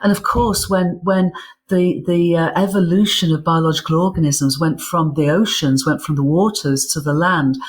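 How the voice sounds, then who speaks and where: A woman's voice: low voice, fairly even intonation, moderate pace. Enthusiastic woman explaining science. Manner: enthusiastic, explanatory, repeats words while building thoughts. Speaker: guest author and physicist. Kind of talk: interview conversation.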